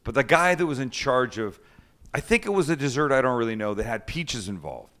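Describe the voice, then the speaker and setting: Animated man telling a story. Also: mid-range voice, fairly quick. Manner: animated storyteller, acts out quotes, swears. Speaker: host. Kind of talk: casual storytelling chat.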